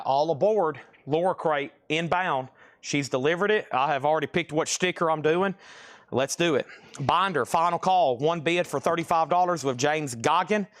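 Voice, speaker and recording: Hosting a livestream auction, a man with a slightly high voice calls out items and bids, thinking aloud in a chatty, rambling patter while a little breathless. There's no room sound.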